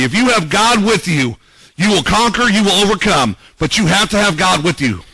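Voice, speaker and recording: High-voiced, bright-toned preacher man. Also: very animated, moderate pace, vocal fry, breathy edge, no room sound, rough recording. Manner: dramatic, acts out quoted prayers and voices. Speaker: pastor. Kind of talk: sermon. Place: church.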